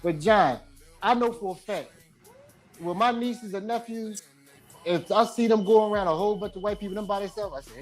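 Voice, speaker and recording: A man in a casual podcast debate, animated and blunt, with coarse joking asides. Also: high-pitched, moderate pace, faint music behind.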